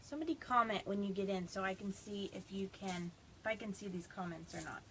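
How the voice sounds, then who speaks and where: A woman talking to viewers on a casual phone live stream from her farmhouse, rambling and apologetic as she fights back tears. Her voice sits at a middling pitch, with a faint hiss of noise behind it. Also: brisk, a bit bright, poor audio. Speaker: direct sales consultant. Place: home on a small farm.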